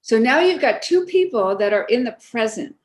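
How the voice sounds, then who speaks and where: A woman, a therapist guest on a podcast, talking in a lively storytelling way and acting out bits of dialogue. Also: a little high, normal speed. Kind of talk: podcast conversation.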